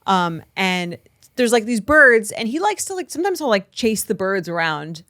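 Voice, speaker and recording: A young adult woman co-hosting a podcast, telling a rambling, animated story full of "like" in casual chat. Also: medium pitch, normal speed. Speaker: podcast co-host.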